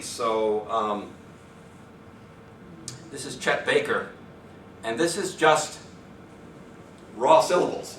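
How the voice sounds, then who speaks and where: A man's voice: mid-range voice, slight background noise. A man giving an academic talk on language and rhythm, thinking aloud with fillers and small self-corrections. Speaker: lecturer. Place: lecture room. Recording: echoey room from far off.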